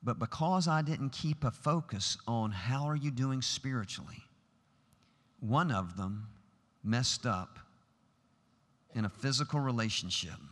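A man's voice: mid-range voice, unhurried, long pauses, a bit bright. Emphatic male preacher in a reverberant chapel. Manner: earnest, emphatic, builds to rhetorical questions. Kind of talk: sermon. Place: large chapel. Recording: long hall reverb.

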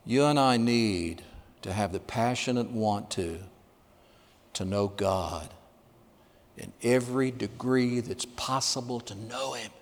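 A man in his sixties preaching a sermon, telling stories with emphasis and dropping quiet for the key lines. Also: medium pitch, slow, big-room sound. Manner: storytelling, emphatic, drops to quiet for punchlines. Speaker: pastor.

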